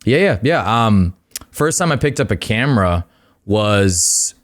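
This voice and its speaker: A man's voice: lowish voice, very animated, measured pace, a little hiss or hum. A young man, a podcast guest, telling a rambling story in casual chat, full of fillers and swearing.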